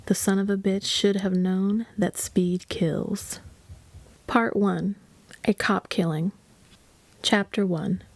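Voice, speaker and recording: A woman reading a thriller audiobook aloud in a steady, even storytelling voice. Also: mid-range voice, slow pace, pauses often, dry recording. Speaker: audiobook reader. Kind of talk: audiobook narration.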